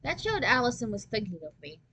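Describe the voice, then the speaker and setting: A woman reading a children's chapter book aloud as a storyteller, with lively first-person narration. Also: on the high side, brisk, rough recording.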